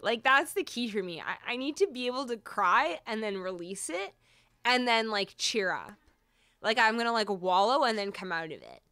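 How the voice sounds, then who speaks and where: A woman's voice: fairly high pitch, lively intonation, normal speed, bright, forceful tone, no room sound, clean studio sound. A woman livestream host chatting casually and emotionally between songs, reading out viewers' comments, with many fillers and laughs. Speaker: streamer and singer.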